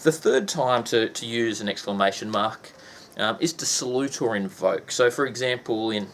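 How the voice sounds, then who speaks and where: A man's voice: medium pitch, lively intonation, moderate pace, fairly bright tone, a little hiss or hum. A man teaching a casual lesson, chatty and full of ums and restarts, breaking into sound effects.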